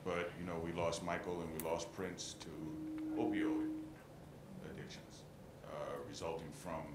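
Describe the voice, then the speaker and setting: A man's voice: deep voice, level tone, measured pace. A man in the audience asking the panel a question, hesitant with many fillers. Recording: roomy hall with background noise.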